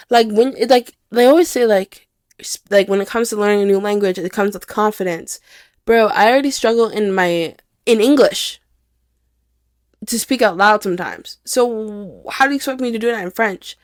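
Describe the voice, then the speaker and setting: A woman's voice: mid-range voice, moderate pace. A young adult woman hosts her own candid podcast, thinking aloud rather than reading from anything. Her mid-range voice wanders through fillers and restarts, with casual swearing. The sound is dry and close, with no room echo. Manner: rambling, filler-heavy, swears freely. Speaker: podcast host.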